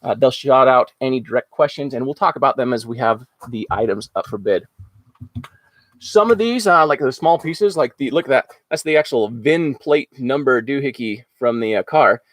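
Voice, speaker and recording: A man's voice: mid-range voice, animated, moderate pace, no echo. A man hosting a casual live-stream auction, talking in an upbeat, rambling way with lots of fillers. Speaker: livestream auction host. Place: outdoors at home after rain.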